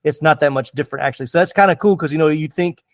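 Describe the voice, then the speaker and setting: A man hosting a movie podcast in an easy, enthusiastic way, voice a touch higher than most men. He talks loosely with lots of fillers, recorded dry and close. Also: racing, dry recording. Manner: enthusiastic, chatty, many fillers. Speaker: podcast host. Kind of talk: casual movie podcast chat.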